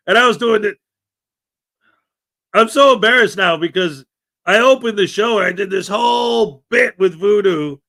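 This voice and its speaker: Brief: rambling live-stream host, a man with a high, bright voice. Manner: rambling, self-deprecating, chatty. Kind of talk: casual morning live-stream chat.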